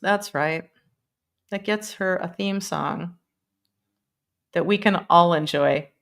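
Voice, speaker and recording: A woman hosts a casual live stream, rambling from topic to topic, laughing often and swearing freely. Her voice is lowish and slow, picked up by a computer mic.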